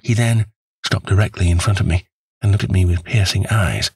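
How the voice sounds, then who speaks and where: Brief: male narrator, low gravelly-husky voice, dry close recording, measured and wry. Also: darkish tone, no echo. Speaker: audiobook narrator. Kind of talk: scripted first-person narration.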